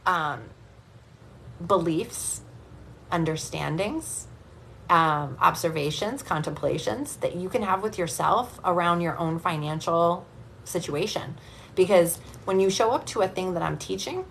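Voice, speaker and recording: A woman coach speaks in a fairly low voice, pitching her program with blunt, energetic tough love. Her delivery is direct and motivational, like a live stream to followers. A faint background hiss sits under the voice. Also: measured pace, gravelly. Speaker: business and spiritual coach.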